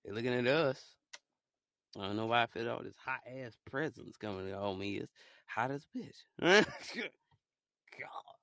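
Excitable man rambling in a dry close-mic'd room. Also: normal speed, vocal fry, dry recording. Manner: rambling, excitable, swings between low mutters and loud outbursts. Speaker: podcaster. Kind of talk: casual solo monologue.

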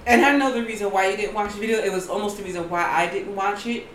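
Animated storytelling woman, echoey room. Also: medium pitch, quick pace. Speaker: co-host. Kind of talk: casual commentary chat. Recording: echoey room with faint noise.

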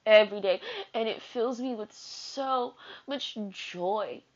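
A woman's voice: on the high side, takes it slowly. A young woman in a casual personal monologue, talking in an earnest, confiding way with lots of fillers, slang and swearing. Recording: dull lo-fi recording.

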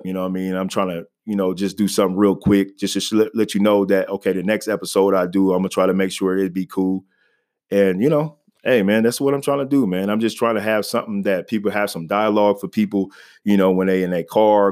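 A man's voice: low voice, darkish tone. Laid-back man talking on his podcast. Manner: loose, conversational, frequent "man" and "you know". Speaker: podcast host. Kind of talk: casual solo podcast talk. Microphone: home podcast mic.

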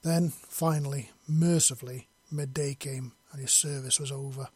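A man narrating a fantasy story in a steady, measured read. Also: mid-range voice, slightly rough, no echo.

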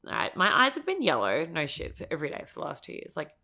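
A woman telling her story as a podcast guest, animated and swearing freely as she acts out what others said. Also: deep voice, fast, vocal fry.

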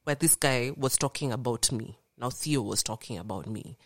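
A young woman tells her story as a podcast guest, earnest and animated, acting out the voices she quotes. Her voice sits low, and the recording is dry and close. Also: moderate pace, no echo. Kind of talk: personal storytelling in a podcast conversation.

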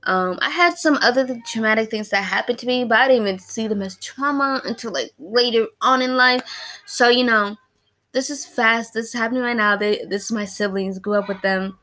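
In a bright, forceful voice that's on the high side and fairly quick, a woman in her early 20s speaks casually to camera about a personal loss. She rambles emotionally, using many fillers and restarts.

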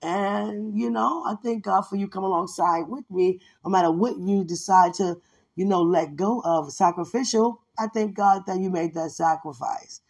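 Breathy woman giving a fervent testimony. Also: mid-range voice, moderate pace, darkish tone. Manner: fervent and rambling, with many fillers. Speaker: podcast host giving a testimony. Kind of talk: devotional testimony monologue.

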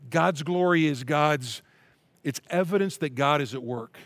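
Man, pastor, sermon, earnest, slow scripture reading, higher voice, dry sound. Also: fairly bright tone, dry recording. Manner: earnest preaching, slows down to read scripture aloud. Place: church at-home broadcast.

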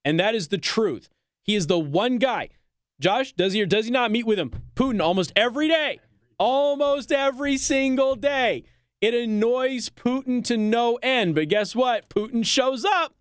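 A man's voice: very high voice, normal speed, smooth, dry recording. A man hosting a talk radio show in a studio, delivering a sarcastic, opinionated monologue and laughing at his own jokes.

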